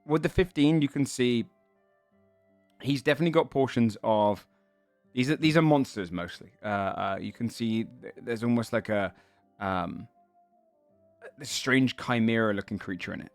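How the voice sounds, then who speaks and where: A man running a tabletop game as game master, describing the scene in halting, filler-laden narration. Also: medium pitch, dry recording, faint music behind.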